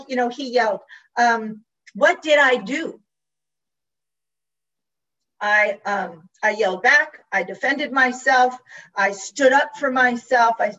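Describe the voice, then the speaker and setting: Woman sharing a personal story, lively with acted-out dialogue, heard from afar with a dull sound. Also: high-pitched. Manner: animated, acts out quoted dialogue, repeats phrases. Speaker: speaker sharing recovery story. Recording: dull distant recording.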